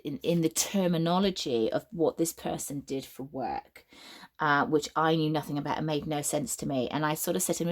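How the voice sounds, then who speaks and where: A woman's voice: sits low, fairly quick. A British woman reading tarot cards as a medium, talking in a rambling, free-flowing way with frequent restarts and tangents. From United Kingdom.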